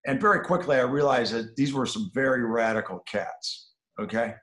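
A middle-aged man, a film director, telling anecdotes in an interview and dropping to a low murmur on asides. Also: moderate pace, a bit bright. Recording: roomy echo.

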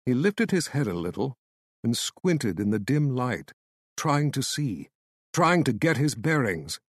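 A man narrating a fantasy audiobook with measured, dramatic storytelling. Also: mid-range voice, no echo, clean studio sound.

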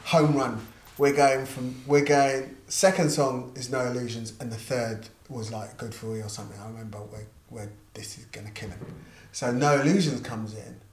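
Middle-aged guy telling a lively story, acts out the voices, roomy echo, bit of hiss. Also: mid-range voice, moderate pace, hardly any pauses. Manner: animated, acts out quoted voices. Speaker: interviewed musician and artist manager. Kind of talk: casual anecdotal storytelling. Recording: roomy echo, faint background noise.

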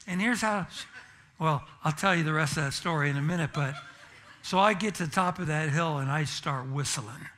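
A man's voice: fairly high pitch, fairly quick, sharp tone, slight background noise. A pastor preaching a sermon in church and telling a self-deprecating, humorous story about his family.

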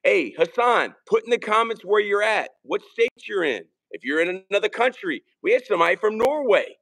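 A man from Virginia, co-hosting a casual podcast stream and rambling through shout-outs and jokes. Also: high-pitched, sing-song, a little fast. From Richmond, Virginia. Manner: rambling, shouting out viewers, joking. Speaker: podcast co-host. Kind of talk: casual live-stream chat.

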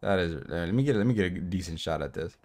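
Excitable young man calling a football game. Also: sits low, fast. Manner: excitable, swears a lot, laughs and shouts at big plays. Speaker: gaming video creator. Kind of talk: casual gameplay commentary. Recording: music bed under the voice.

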